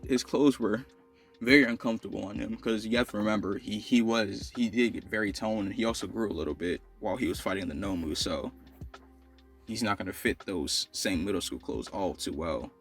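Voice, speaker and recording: A young man casually narrating an improvised fan story, rambling with many fillers. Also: fairly low pitch.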